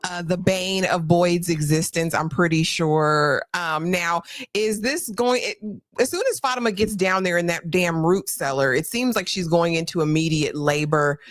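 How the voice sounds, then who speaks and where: A woman's voice: lowish voice, normal speed, dry recording, studio quality. A woman co-hosting a live fan discussion, teasing and sassy in casual chat.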